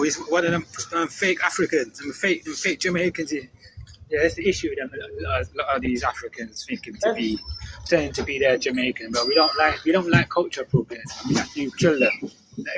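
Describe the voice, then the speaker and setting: A man from Cuba calling into a live stream, lecturing forcefully and repeating phrases. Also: fairly high pitch. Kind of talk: heated live-stream talk. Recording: noisy line.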